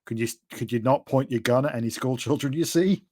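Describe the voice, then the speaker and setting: A woman hunter who swears she is a once-in-a-generation holy warrior, voiced by a man in his ordinary voice. She bristles and brags in quick retorts, mid-pitched and dry. She is a tabletop game character. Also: darkish tone, no room sound, close to an everyday voice. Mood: conceding. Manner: exasperated, boastful, quick retorts. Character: woman hunter, self-proclaimed chosen holy warrior, exasperated.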